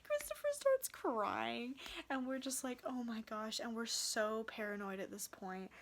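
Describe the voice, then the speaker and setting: A woman's voice: on the high side, expressive, a little slow, a little hiss or hum. Chatty young woman telling a story. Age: young adult. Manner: rambling, heavy use of "like" and "um". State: tired. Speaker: vlogger. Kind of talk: casual storytelling vlog.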